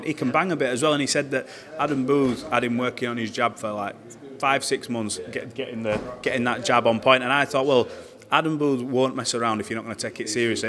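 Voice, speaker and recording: A man interviewing a boxer at an event, chatty and teasing, asking long rambling questions. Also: medium pitch. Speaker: boxing interviewer. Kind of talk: casual interview. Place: busy boxing arena. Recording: loud arena crowd behind.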